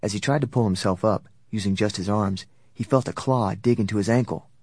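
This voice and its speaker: A man narrating an audiobook in a steady, even storytelling manner. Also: lowish voice, a little fast, no room sound. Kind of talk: scripted narration.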